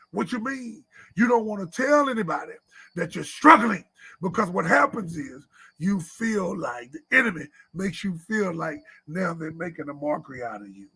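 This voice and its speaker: A man preaching a sermon to a men's meeting at church, repeating his points and sometimes shouting. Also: high voice, vocal fry, slightly rough. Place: church live stream.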